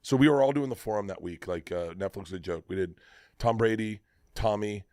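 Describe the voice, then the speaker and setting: A middle-aged man telling a long, profane story in casual podcast banter, loud and animated. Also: lowish voice, brisk, dry recording, clean studio sound. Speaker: podcast co-host. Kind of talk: casual storytelling among comedians.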